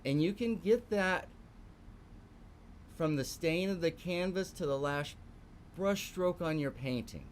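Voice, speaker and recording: A man's voice: a little high, takes it slowly, pauses often, slight background noise. A middle-aged man with a Texan accent, teaching a live online morning art class, emphatic and repeating phrases for stress. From Texas.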